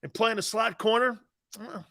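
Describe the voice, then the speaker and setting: A brash sports talk radio host with a high, bright, forceful voice. He argues his points emphatically and laughs off other opinions, peppering his talk with "man" and "dude.". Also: fairly even intonation, normal speed, gravelly. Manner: argumentative, laughing off callers' views.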